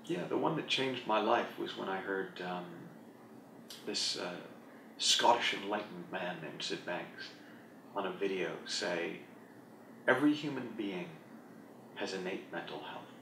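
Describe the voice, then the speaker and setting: A man's voice: sits low, animated, unhurried, creaky, pauses often, sharp tone, slight background noise. A man, an author and group coach, answering an interview question in a candid, reflective, self-deprecating way. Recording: roomy echo, mic at a distance.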